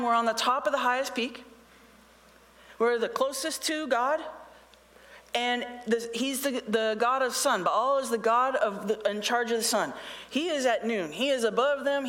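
A woman's voice: on the high side, fairly bright tone, big-room sound. A woman pastor preaching a conversational sermon, reading scripture and adding sarcastic asides.

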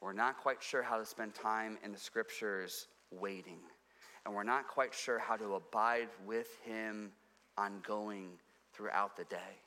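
A man preaching a sermon to his congregation, earnest and repeating phrases for emphasis, dropping low and quiet on his key points. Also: fairly even intonation, a little slow, long reverb tail. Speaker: pastor. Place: church sanctuary.

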